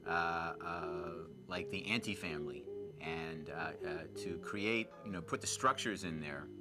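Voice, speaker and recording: Deep-voiced male actor recalling. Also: unhurried. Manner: reflective, with frequent filler hesitations. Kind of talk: interview recollection. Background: music.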